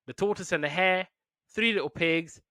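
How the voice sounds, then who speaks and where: A man hosting a podcast in casual chat, retelling cartoons with lively put-on voices. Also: high voice, moderate pace, dry recording, studio quality. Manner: animated storytelling with put-on voices. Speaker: podcast host.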